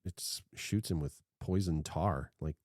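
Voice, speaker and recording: A man's voice: deep voice, unhurried, a little mellow, dry recording. A man co-hosting a podcast in casual chat, making dry, teasing remarks. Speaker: podcast co-host.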